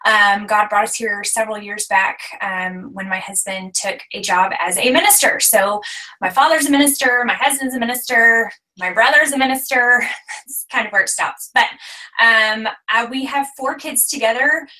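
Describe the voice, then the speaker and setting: A woman's voice: on the high side, moderate pace, bright, forceful tone. A woman in her thirties giving an earnest, faith-driven testimony as a guest speaker on a team conference call. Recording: distant voice on a call line.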